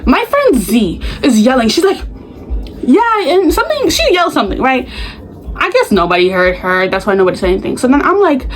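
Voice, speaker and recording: A young woman telling stories from her school days in a casual vlog, full of "like" fillers, acting out her younger self with sudden loud bursts. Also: fairly high pitch, big pitch swings, brisk, rough recording. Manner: frequent filler "like". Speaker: vlogger. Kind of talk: casual storytelling.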